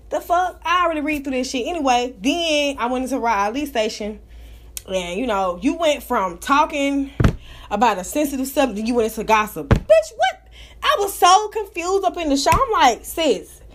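A woman with a slightly high voice runs a casual live audio room, ranting and telling stories bluntly with heavy profanity. She swings from low, muttered asides to sudden loud, excited outbursts.

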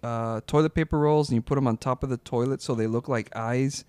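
A man's voice: mid-range voice, fairly even intonation, a little fast, a little mellow, clear, resonant tone, dry recording, clean studio sound. A man co-hosting a podcast, telling stories in a casual chat, laughing often and acting out the voices of people he quotes. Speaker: podcast co-host.

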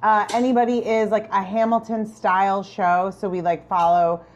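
A woman's voice: mid-range voice, level tone, moderate pace, slight background noise. A woman performer telling a story in casual chat, hesitant with fillers. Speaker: improv performer, podcast co-host.

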